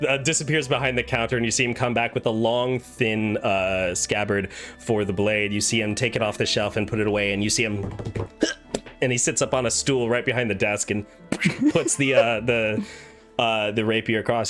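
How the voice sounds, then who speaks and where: A man narrating a tabletop game as dungeon master, with halting, filler-heavy narration. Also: mid-range voice, steady tone, a bit bright, soft background music.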